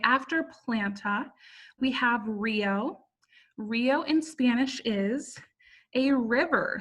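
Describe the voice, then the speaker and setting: A young woman teaching a simple online language lesson to children, speaking patiently and repeating each word slowly. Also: on the high side, a bit bright. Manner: patient, slow repetition of words. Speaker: Spanish teacher.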